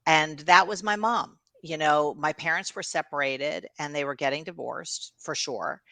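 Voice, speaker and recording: Middle-aged woman from New York, chatty storyteller, bright tone, dry close sound. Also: low-pitched, normal speed, no room sound. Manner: storytelling, laughs often, fillers like "you know". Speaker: guest, coach. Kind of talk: casual interview chat.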